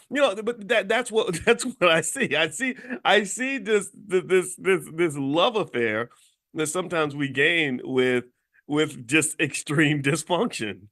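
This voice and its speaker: Here a middle-aged Kentuckian from Louisville, working as a commentator host, gives a casual monologue that is blunt and lecturing. His voice sits a little high, with a fairly bright tone and an unhurried pace.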